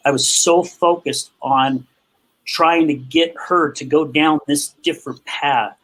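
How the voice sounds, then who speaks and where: A man's voice: steady tone, slow pace, a bit bright. A man as a podcast guest, candidly telling a personal story about his past anger and acting out the dialogue with growing emotion. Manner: emotional, acts out quotes with rising pitch.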